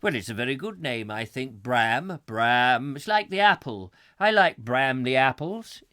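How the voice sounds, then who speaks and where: A man's voice: medium pitch, expressive, a little slow, sharp tone, voice pushed down. A man voicing a stubborn, pompous husband in an improvised comic sketch, bluff and insistent. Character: stubborn pompous husband, set in his ways.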